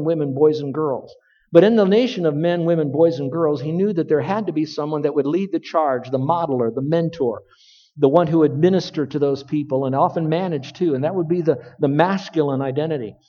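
A male preacher delivers a sermon in an emphatic, deliberate way, drawing out key words for weight. His voice sits a bit high with a mellow tone. The audio is dull and lo-fi, with a long hall reverb. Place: room with stage lights and sound equipment.

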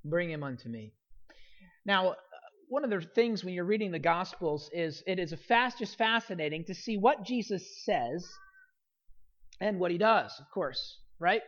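Preacher working through a Gospel passage with earnest, building emphasis, mid pitch, muffled lo-fi audio. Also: expressive, normal speed, a bit bright. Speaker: pastor. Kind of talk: sermon.

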